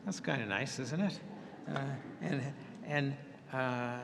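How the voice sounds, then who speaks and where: A man, a therapist, presenting a professional webinar in a halting way, with many fillers and restarts and a dry sense of humor. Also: medium pitch, gravelly, big-room sound, background noise.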